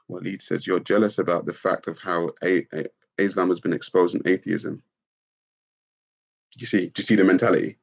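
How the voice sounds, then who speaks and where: A man hosting a live stream, talking expressively and mockingly, often leaping into shrill put-on voices. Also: darkish tone, slightly rough, muffled recording. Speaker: livestream host. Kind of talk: animated live-stream rant.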